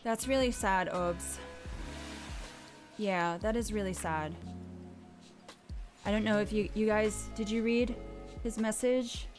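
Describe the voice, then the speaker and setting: Earnest woman streamer giving gentle advice. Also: medium pitch, slow pace, pauses often, faint music behind. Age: adult parent. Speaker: livestream host. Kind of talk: casual advice chat with viewers.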